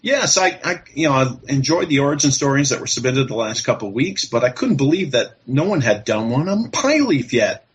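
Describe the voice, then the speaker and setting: A podcast guest reading a humorous rhyming poem at a measured pace, with occasional chuckles. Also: male voice, mid-range voice, sing-song, husky.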